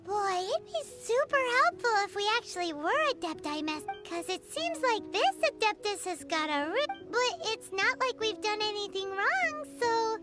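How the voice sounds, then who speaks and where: A woman voicing a tiny, excitable fairy companion with a childlike, squeaky manner. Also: normal speed, hardly any pauses, over music. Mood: flustered. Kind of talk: game cutscene voice acting.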